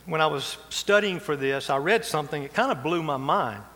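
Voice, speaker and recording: A pastor delivers a sermon in a folksy, conversational way, slipping in asides. His voice sits a bit high for a man. The sound carries the long reverb of a church hall. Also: a little fast, bright, forceful tone. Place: church sanctuary.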